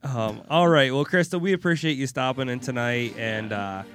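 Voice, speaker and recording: A man's voice: medium pitch, normal speed, a bit bright, soft background music. A man hosting a casual podcast, friendly and appreciative, laughing easily. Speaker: podcast host, teacher.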